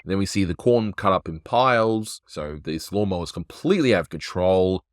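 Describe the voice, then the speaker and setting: A man's voice: low voice, animated, normal speed, faint music behind. A man hosting a show, casually reviewing an old cartoon with wry, rambling asides. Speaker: host.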